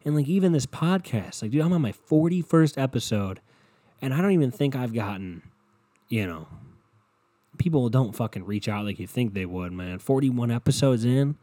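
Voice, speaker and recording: Young man, podcast host, solo monologue, rambling, profane, dark mellow voice, dry close recording. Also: mid-range voice, animated, moderate pace, dry recording. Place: bedroom at home.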